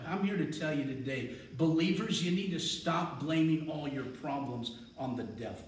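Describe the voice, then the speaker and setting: A male pastor delivers a sermon, rising to loud, fervent emphasis. His fairly high voice rings through a very echoey room. The mic sits at a distance, with a faint hum underneath. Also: moderate pace, hardly any pauses. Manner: builds to loud, fervent preaching.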